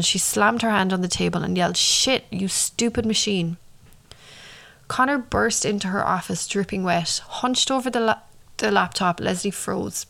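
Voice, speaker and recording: A female narrator and commentator recounts a true-crime story in a gravelly, creaky, fairly bright voice of middle pitch. She reads at a measured pace, slowing for dramatic beats, and occasionally pauses to comment on the story.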